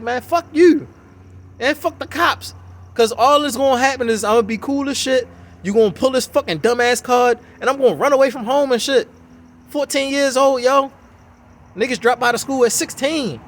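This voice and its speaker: High-voiced man ranting angrily. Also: fairly bright tone, a little hiss or hum. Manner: heated, swearing, mocking, indignant. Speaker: commentator reacting to a video. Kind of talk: profane ranting reaction commentary.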